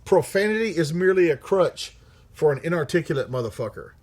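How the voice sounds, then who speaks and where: Husky, profane livestream host. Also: male voice, a little high, expressive, fairly quick, darkish tone. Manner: profane, blunt, laughs often. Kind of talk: casual livestream chat reading viewer comments.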